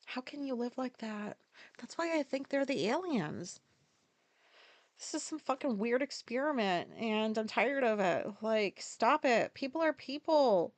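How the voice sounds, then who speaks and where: A woman rants into a close podcast mic in a casual solo monologue. Her voice sits a little high and sounds dry, with no room around it. She swears freely and sounds fed up. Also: expressive, unhurried, no room sound. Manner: profane, exasperated ranting. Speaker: podcast host.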